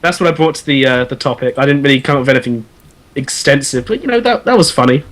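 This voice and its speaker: A man's voice: mid-range voice, fast. An English man chatting casually as a podcast guest, joking and swearing as he tells stories. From England. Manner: joking, swearing, animated storyteller. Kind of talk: casual chat.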